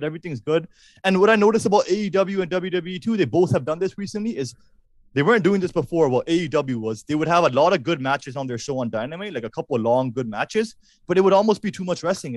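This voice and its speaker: A man from Canada, a guest on a podcast, chatting casually and excitedly about wrestling, laughing often. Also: a little high, fast talker, no echo. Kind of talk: casual chat.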